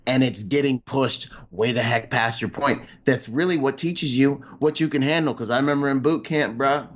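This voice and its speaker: A man hosting a casual podcast conversation, animated and full of slang, his voice leaping high when he gets excited. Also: moderate pace, muffled recording. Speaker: podcast host.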